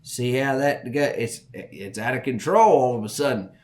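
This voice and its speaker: A man's voice: medium pitch, moderate pace, darkish tone. A middle-aged man hosting a podcast, telling a story in a folksy way and acting out the voices. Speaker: podcast host. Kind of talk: storytelling chat.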